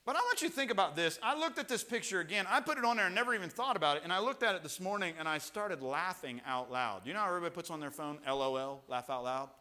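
A man preaching a sermon as pastor, chatty and rambling with asides, rising to loud, emphatic peaks. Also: sits high, animated, fast, few pauses. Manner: conversational, rambling with asides and restarts.

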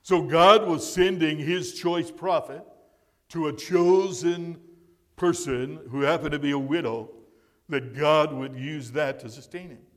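A man's voice: fairly high pitch, a little slow, a bit bright. Emphatic preacher man in echoing hall. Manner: emphatic, repeats key words. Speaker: pastor. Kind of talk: sermon. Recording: long reverb of a large hall.

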